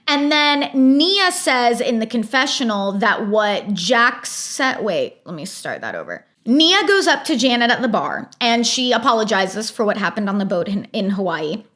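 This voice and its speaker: A woman's voice: on the high side, big pitch swings, moderate pace, hardly any pauses, fairly bright tone. A young adult woman giving a chatty, opinionated recap of a reality show episode, with exasperated asides. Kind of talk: casual recap commentary.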